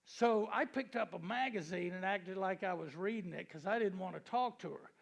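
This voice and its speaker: High-voiced, gravelly folksy seminar speaker. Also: male voice, moderate pace. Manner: folksy storyteller, asks the audience questions. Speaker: real estate seminar speaker. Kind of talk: joke-telling seminar talk to a live audience.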